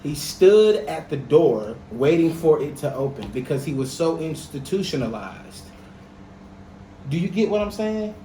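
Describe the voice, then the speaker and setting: A man's voice: a little high, very animated, unhurried, dark tone, echoey room, slight background noise, rough recording. A young man co-hosting a podcast, talking in a heated, emphatic and profane way. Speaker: podcast co-host. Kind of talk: casual podcast chat.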